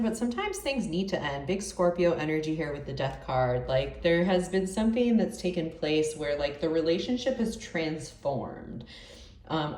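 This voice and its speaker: A woman giving a casual tarot reading, chatty and exclamatory, with lots of fillers. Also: fairly low pitch. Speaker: tarot reader. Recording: echoey room, distant mic, faint noise.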